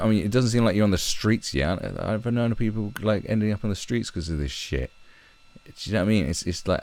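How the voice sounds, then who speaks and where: A man's voice: deep voice, a little mellow. A man ranting angrily in commentary, swearing and mocking. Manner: angry, sweary rant with mocking put-on voices.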